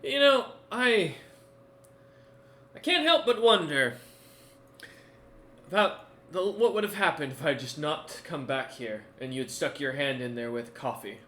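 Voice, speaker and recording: A sly, teasing adventurer in a fantasy game, played by the man running it. His voice rides a little high and bright, and every line lands with a playful, mocking lilt. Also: lively intonation, a little slow, long pauses, echoey room. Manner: lifted, playful, mocking delivery.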